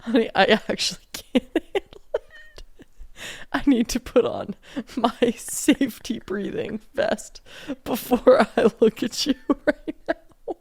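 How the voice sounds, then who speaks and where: A woman's voice: on the high side, slow pace, gravelly, a little mellow, slightly rough, no echo. A young woman co-hosting a podcast in casual chat, teasing her friend and often giggling. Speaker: podcast co-host.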